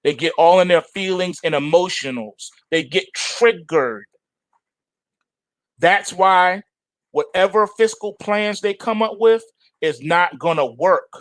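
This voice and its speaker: A middle-aged man hosting a market show, delivering a forceful, repetitive opinion monologue. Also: high voice, takes it slowly, no room sound, rough recording. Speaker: trading show host.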